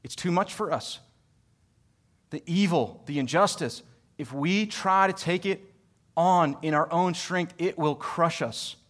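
Fairly high-voiced emphatic male pastor. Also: measured pace. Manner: emphatic, rising to loud peaks then dropping soft; tells homely family stories. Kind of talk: sermon.

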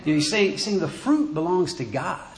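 A man's voice: fairly high pitch, very animated. Stammering preacher man in an echoey room. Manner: halting, stammers and repeats words. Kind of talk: sermon. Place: church.

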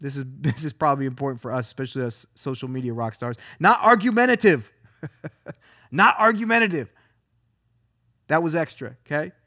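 A man's voice: medium pitch, steady tone, fairly quick, dry recording, clean studio sound. A man preaching a sermon as a pastor, talking emphatically, repeating phrases and firing off rhetorical questions.

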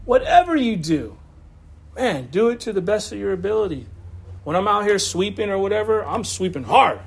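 A man with a high voice preaches a sermon, shifting between steady teaching and chatty asides to his listeners. He talks like he is among friends and laughs easily, and he comes through a video call. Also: normal speed, creaky, slightly rough. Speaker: pastor.

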